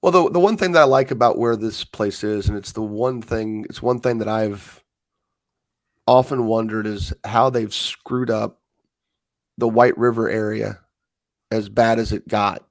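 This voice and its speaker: A man with a hoarse voice from a cold, talking basketball and local news as a coach and analyst on sports radio. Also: fairly low pitch, measured pace, dry recording. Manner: rambling, restarts sentences. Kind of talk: casual sports radio chat.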